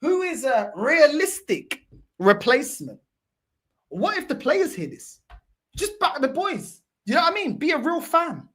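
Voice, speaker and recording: A woman's voice: high voice, very animated, measured pace, fairly bright tone. A woman hosting a football fan channel, delivering a heated, profane, mocking reaction rant. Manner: profane, mocking, repeats "bro".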